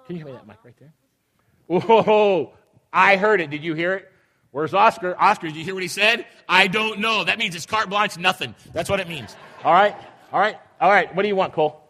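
A man's voice: high-pitched, a little fast, pushed and bright. A man leading a children's Christmas program on a church stage, upbeat and coaxing, teasing the kids as he goes. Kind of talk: lively emcee talk to children on a stage.

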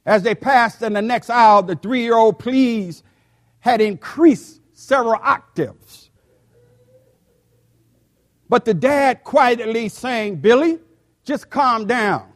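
Slow, high-voiced older male preacher. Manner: slow, deliberate preaching with repeated words. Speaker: pastor. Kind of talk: sermon.

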